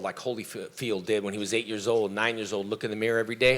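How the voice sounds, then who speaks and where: A man with a bright, forceful voice, speaking as a guest on a convention panel. He answers fan questions like the karate teacher he is, giving motivational advice about self-belief. He switches into animated voices whenever he quotes someone. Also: lowish voice, fast, hardly any pauses.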